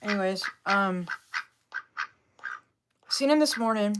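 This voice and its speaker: A woman's voice: medium pitch, takes it slowly, heavy background noise. A young woman hosting a casual livestream from home, talking in a rambling way with lots of fillers. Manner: rambling, filler-heavy and chatty. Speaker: livestream host.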